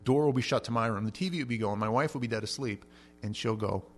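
A middle-aged man preaching a sermon, telling stories with lively swings in pitch and loudness and often repeating words as he starts a sentence. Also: fast talker, over music. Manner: animated storytelling with big swings in pitch and loudness. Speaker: pastor.

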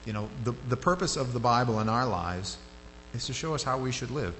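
A man's voice: mid-range voice, a little fast. Guy preaching, chatty sermon, echoey hall w/ faint hum behind. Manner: conversational, rises sharply when animated. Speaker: pastor.

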